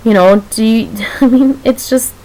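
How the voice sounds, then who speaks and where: A woman's voice: fairly high pitch, moderate pace, warm tone, low-quality recording. A young woman talking to camera in a casual vlog, rambling and emotional, laughing often as she talks. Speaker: vlogger.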